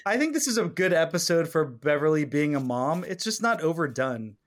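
Male podcast co-host, 40s, lively casual chat, slightly high pitch, quick to laugh. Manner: animated, laughs often, quotes lines.

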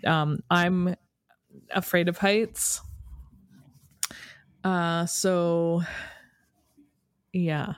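A woman's voice: lowish voice, fairly even intonation, drawn-out words, long pauses, smooth, dry recording, studio quality. A woman co-hosting a podcast, chatting in an easygoing way and laughing at herself. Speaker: podcast co-host. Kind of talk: casual chat.

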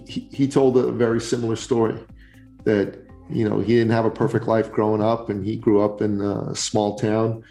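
An earnest man hosting a podcast interview, speaking with emphatic, preachy conviction. His voice is low and carries a gravelly rasp. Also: dark tone. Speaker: podcast host. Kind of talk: motivational interview talk.

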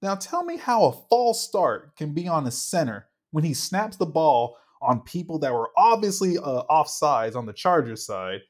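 A man's voice: on the high side, moderate pace, few pauses. A young man co-hosting a casual sports podcast, getting worked up and acting out what players said. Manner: animated, gets worked up, acts out quotes. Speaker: podcast co-host.

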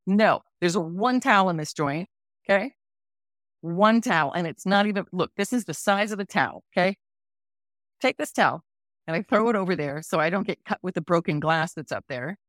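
A woman in her forties hosting a podcast, telling a story in a casual, animated way and laughing often. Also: on the low side, moderate pace, no echo, studio quality. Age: 40s. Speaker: podcast host.

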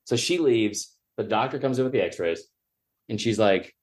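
A man telling a long story on a podcast, acting out the other people in it and swearing as he goes. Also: normal speed. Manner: animated storyteller, acts out quoted voices with pitch jumps; profane, joking. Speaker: podcast guest, sports media personality. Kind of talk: casual storytelling.

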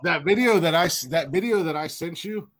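A man's voice: a little high, fairly quick, crowd noise, low-quality recording. A man co-hosting a podcast, telling a story in a rambling, casual way and acting out the lines of the people in it. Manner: rambling, many fillers and restarts, acts out quoted dialogue. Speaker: podcast co-host.

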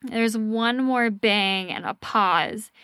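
A woman host casually telling a ghost story on a podcast, animated and swearing freely. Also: a little high, takes it slowly, dry recording, studio quality.

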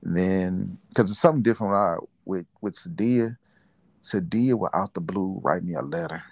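A middle-aged man talks in a very low voice, thoughtful and quick to laugh. The sound is close and dry. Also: dry recording. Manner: warm, reflective, laughs often. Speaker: interviewee, father. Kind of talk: casual family interview.

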